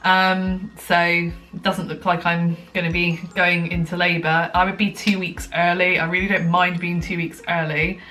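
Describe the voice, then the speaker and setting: A woman's voice: fairly low pitch, little pitch movement, normal speed, few pauses, sharp tone. A young woman chatting casually to camera at home, a little out of breath, rambling with lots of ums and likes. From United Kingdom. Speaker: vlogger. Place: at home, indoors.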